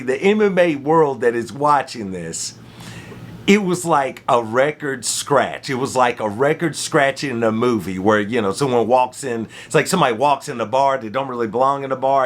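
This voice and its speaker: A man's voice: medium pitch, normal speed. A man hosting a casual fight recap, telling the story with slang and repeated phrases. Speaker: MMA commentary host.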